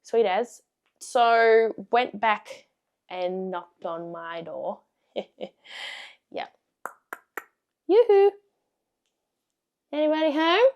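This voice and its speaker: A young woman vlogging a casual storytime, blunt and sweary, laughing often and swinging from loud to hushed. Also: medium pitch, drawn-out words, pauses often, smooth, dull audio.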